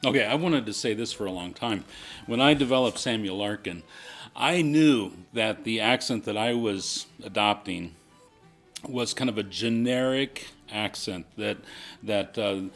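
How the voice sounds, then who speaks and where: A man's voice: on the low side, unhurried, fairly bright tone, faint music behind. A man co-hosting a casual question-and-answer chat, agreeable and thoughtful as he weighs in. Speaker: co-host.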